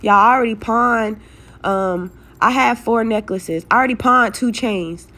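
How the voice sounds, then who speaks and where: In her casual story-time video, a young woman unloads about her life to viewers, talking to them directly, bluntly, stressfully and with constant profanity. Her voice is fairly high, bright and forceful, and she takes her time.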